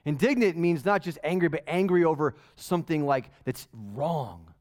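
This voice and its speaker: A male pastor preaching a sermon in an animated, conversational way full of rhetorical questions. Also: fairly high pitch, normal speed.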